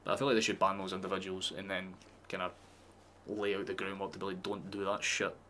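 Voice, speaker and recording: A man's voice: deep voice, level tone, fast, sharp tone, slight background noise. A man streaming a live football watchalong, chatting casually and swearing freely as he reacts to the match.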